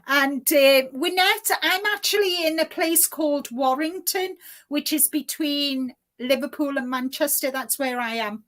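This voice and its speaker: A high-pitched woman with a Scouse-tinged northwest English twang hosts a casual live-stream chat. She sounds chatty and giggly as she reads out viewers' comments over a video call. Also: a little slow, hardly any pauses, fairly bright tone. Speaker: host of a live crochet stream.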